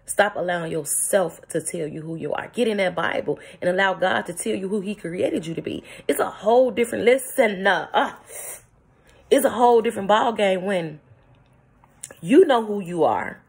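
Gravelly, husky-voiced woman preaching motivation. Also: mid-range voice, normal speed. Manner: preachy, emphatic, laughs often. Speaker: vlogger. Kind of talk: motivational morning talk. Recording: phone-recorded vlog.

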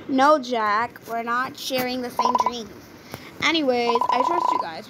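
High-voiced woman chatting over gameplay. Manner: chatty, reads game dialogue aloud, excitable exclamations. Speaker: gaming video creator. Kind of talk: casual gameplay commentary. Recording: noticeable background noise.

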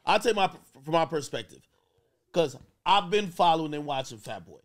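A man's voice: fairly high pitch, expressive, normal speed. A man hosting a casual panel chat, who often cuts in and repeats himself to take the floor. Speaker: podcast host.

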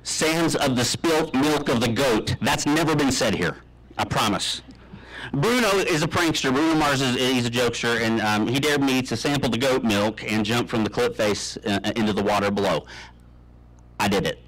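A man in his thirties giving a humorous commencement speech, telling deadpan tall tales with many ums and uhs. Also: medium pitch, normal speed, poor audio. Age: 30s. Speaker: commencement speaker. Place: graduation ceremony, speaking to an audience.

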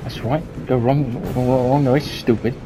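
A man's voice: medium pitch, steady tone, normal speed, poor audio. A young man commenting on a horror game as he plays, swearing a lot and yelping when something startles him. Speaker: gameplay streamer. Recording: game music loud behind voice.

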